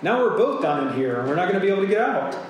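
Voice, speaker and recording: A preacher plays a frantic man trapped in a hole. He yelps for help in a high, hurried voice that bounces around a very echoey space. A faint hum sits underneath. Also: very animated. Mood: exasperated. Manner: high-pitched, hurried pleading. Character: panicked man stuck down a hole.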